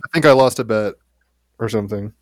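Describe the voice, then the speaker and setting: Fast-talking rambling man. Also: on the low side, no echo, studio quality. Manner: rambling, quick, loose and candid. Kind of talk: casual conversation.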